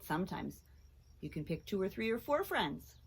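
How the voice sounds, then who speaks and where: A woman teacher giving a children's phonics lesson, speaking clearly and encouragingly and breaking into song with the kids. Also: medium pitch, very animated, normal speed, a little hiss or hum.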